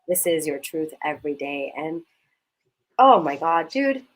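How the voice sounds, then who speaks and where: A woman leading a coaching exercise in casual chat, talking in an animated, gushing way and swearing casually. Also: low voice, a little slow, slight background noise, poor audio.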